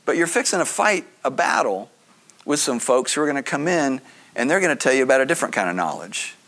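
A man's voice: medium pitch, sing-song, fast, a bit bright. A man preaching a sermon, explaining scripture in an earnest teaching manner with conversational asides. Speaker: pastor.

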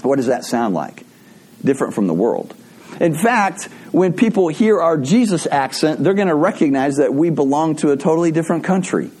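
A man's voice: on the high side, animated, normal speed, a little mellow, breathy edge. A man preaching a sermon in a conversational way, asking rhetorical questions and adding playful asides. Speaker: pastor.

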